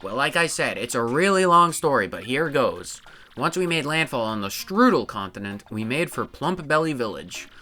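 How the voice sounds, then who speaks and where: A man's voice: medium pitch, very animated, moderate pace, bright, forceful tone. A man voicing a boastful adult plumber hero telling a tall tale, reaching for an Italian-style accent while reading game dialogue. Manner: tries for an Italian-style accent, bragging storytelling.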